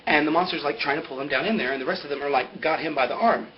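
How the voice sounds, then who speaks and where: A young man recapping a TV episode in a rambling, animated way, full of "like" fillers. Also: a little high, rapid-fire, slight background noise. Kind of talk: casual spoken recap. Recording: dull lo-fi home recording.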